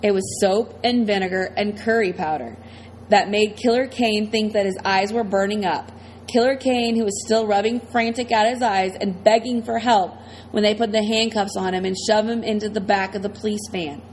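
A woman's voice: medium pitch, fairly even intonation, normal speed, a little hiss or hum, rough recording. A woman reading a first-person novel aloud as audiobook narrator, in a tense, dramatic way.

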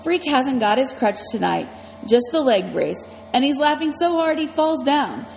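A woman's voice: high voice, big pitch swings, moderate pace, creaky, darkish tone, big-room sound, a little hiss or hum, low-quality recording. A woman reading a novel aloud in the first person, in a casual, slangy storytelling manner. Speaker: audiobook narrator.

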